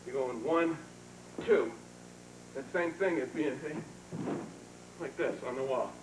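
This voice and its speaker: A man's voice: medium pitch, takes it slowly. A man teaching a karate seminar, talking casually as he demonstrates moves, coaching students with short praise. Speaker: karate instructor. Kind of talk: hands-on martial arts seminar teaching. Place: training hall. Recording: echoey hall, distant mic, noisy 1990s video.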